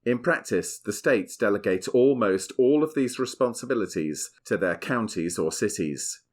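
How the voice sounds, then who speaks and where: Host, middle-aged man, lowish voice, reads a prepared script in a measured way. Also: animated. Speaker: podcast host. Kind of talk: scripted podcast narration and family chat.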